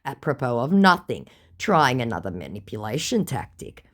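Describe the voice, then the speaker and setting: A woman's voice: rumbling low, sing-song, moderate pace. A woman reads out a chat with a scammer in sarcastic, mocking casual commentary. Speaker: vlogger exposing scammers.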